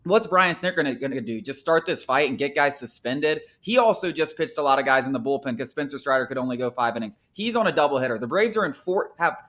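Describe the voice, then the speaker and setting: A man's voice: mid-range voice, animated, quick pace, hardly any pauses, a bit bright. A man hosting a sports talk show, ranting in an emphatic, exasperated way.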